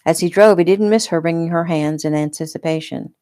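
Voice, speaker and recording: Author narrating her own book, low-pitched woman, easygoing and unpolished. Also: brisk. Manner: relaxed, unpolished reading. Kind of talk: casual audiobook narration.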